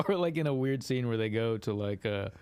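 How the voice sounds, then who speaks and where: A young man co-hosting a comedy podcast, easygoing and quick to laugh. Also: medium pitch, animated, a little mellow, smooth, no echo. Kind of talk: casual chat.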